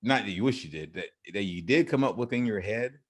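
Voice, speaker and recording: A man's voice: on the low side, expressive, a little fast. A man with a Southern US accent co-hosting a podcast in casual chat, rambling with frequent restarts and easy laughter. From American South. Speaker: podcast co-host.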